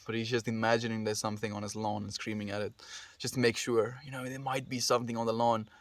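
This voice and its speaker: A South African man chatting casually on a live stream, gently thanking viewers and answering their messages. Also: on the low side, level tone, fast, no echo. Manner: gentle, affectionate, reads out and answers chat messages. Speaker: livestreamer.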